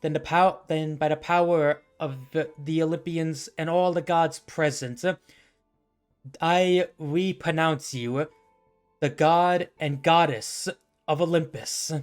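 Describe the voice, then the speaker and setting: A man doing a solemn hearth goddess from a tabletop game, speaking in formal, ceremonial tones. The delivery is slow and measured. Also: fairly high pitch, fairly even intonation, clear, resonant tone, soft background music.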